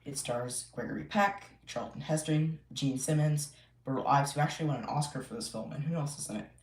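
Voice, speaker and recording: A man's voice: on the high side, fairly quick. A man chatting casually on a live stream from home, rambling with many fillers and restarts. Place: home room. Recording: echoey room, faint noise.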